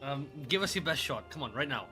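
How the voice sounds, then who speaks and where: A man's voice: mid-range voice, expressive, quick pace, pushed and bright, faint music behind. A man chatting as a player in a tabletop game, coaching another player and rambling casually.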